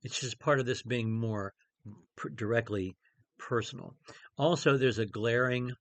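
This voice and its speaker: A man's voice: mid-range voice, measured pace, dry recording. A middle-aged man preaching in a conversational way, with many fillers and restarts as he teaches a Bible passage. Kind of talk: informal Bible study talk.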